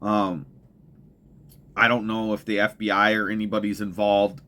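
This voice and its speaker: A man's voice: on the low side, flat delivery, normal speed, pushed and bright. A young man hosting a podcast, ranting in heated, profane, rambling commentary full of restarts. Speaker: podcast host.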